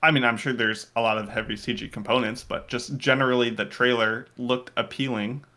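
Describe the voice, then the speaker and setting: A man's voice: medium pitch, steady tone, a little fast, pushed and bright. A man co-hosting a podcast, chatting casually in an upbeat, easygoing way. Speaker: podcast co-host. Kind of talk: casual chat.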